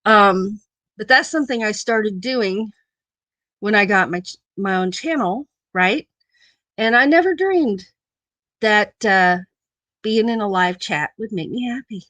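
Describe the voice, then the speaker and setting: A woman's voice: medium pitch, measured pace, fairly bright tone, no echo. A middle-aged woman hosting a casual live-stream chat, laughing often and repeating her phrases affectionately.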